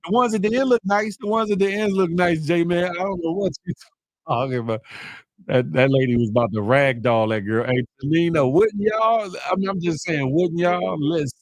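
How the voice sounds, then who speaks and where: A man hosting a casual live morning show, chatting with viewers, laughing often and animated as he reads their comments. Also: a little high, normal speed, dry recording, rough recording. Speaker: livestream morning show host.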